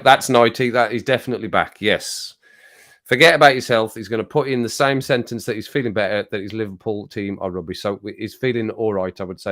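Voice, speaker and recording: Rambling, lower-voiced male livestream host. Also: fairly bright tone. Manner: rambling, jokey, easily worked up. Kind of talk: casual chat reading viewer comments.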